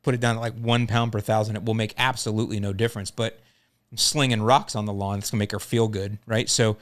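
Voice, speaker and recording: Middle-aged guy on a lawn care podcast, chatty and animated, telling a funny work story, medium pitch.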